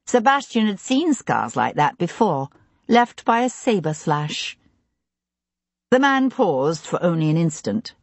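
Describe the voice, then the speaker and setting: A woman narrating an audiobook in a steady, even way. Her voice is low and a little husky. It sits close and dry on the mic. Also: slow, no echo.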